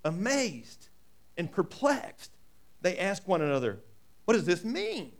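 A man's voice: high-pitched, big pitch swings, slow, creaky. A man preaching a sermon in a folksy way, reading scripture and adding joking asides. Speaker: pastor.

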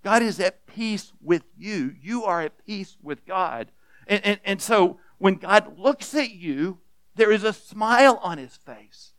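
A man preaching a sermon as pastor, earnest and emphatic, often restarting with repeated words and dropping to a hush on key points. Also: high voice, no echo. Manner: earnest, repeats words when restarting, swings between loud emphasis and hushed softness.

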